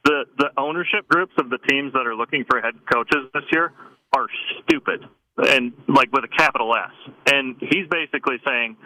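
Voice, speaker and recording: A male caller on a sports radio show with a middle-pitched, very bright and forceful voice. He makes his point bluntly and with emphasis. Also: moderate pace, no echo, low-quality recording. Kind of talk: call-in opinion.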